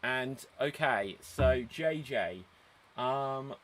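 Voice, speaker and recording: A man hosting a live-streamed improv show over a video call, brisk and chatty, laughing often as he runs the votes. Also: mid-range voice, lively intonation, a bit bright.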